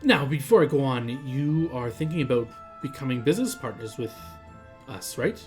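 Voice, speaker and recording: A man voicing a cheerful, sly tiefling woman scholar in a tabletop game, with a theatrical, drawn-out delivery. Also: mid-range voice, expressive, soft background music, pitched above the performer's own voice, lightly acted. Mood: sly, welcoming.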